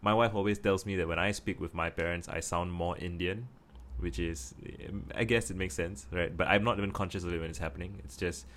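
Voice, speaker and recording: A man's voice: low-pitched, fairly even intonation, a little fast, hardly any pauses, a bit bright, a little hiss or hum. A man from Singapore with a Singaporean English accent, talking casually to camera and thinking aloud with many restarts. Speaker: vlogger.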